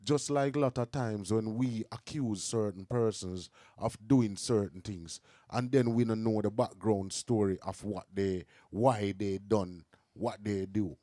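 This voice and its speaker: A man's voice: on the low side, a little slow, warm tone, no room sound, studio quality. A middle-aged man with a Jamaican accent, explaining his views earnestly in casual podcast chat. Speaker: podcast host.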